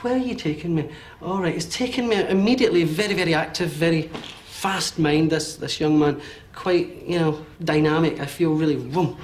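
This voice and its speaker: A Scottish man in his forties giving a medium's reading, talking in a quick, animated way with many fillers and checks. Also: fairly high pitch, slight background noise. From Scotland. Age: 40s. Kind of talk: live one-to-one reading before an audience.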